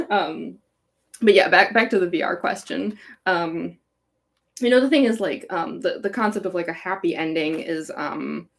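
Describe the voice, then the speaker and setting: Her expressive, fairly low voice moves at a moderate pace and often stops for pauses. A young fanfic author from Chicago with a California-sounding accent, she chats casually on a live Q&A stream with a rambling, giggly valley-girl manner, filled with likes and ums.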